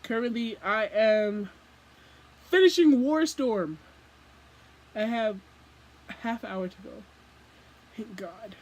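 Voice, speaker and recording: A young woman vlogging casually from home, rambling and animated as she jumps from thought to thought. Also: mid-range voice, slow, pauses often, rough recording. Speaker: book vlogger. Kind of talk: casual chat.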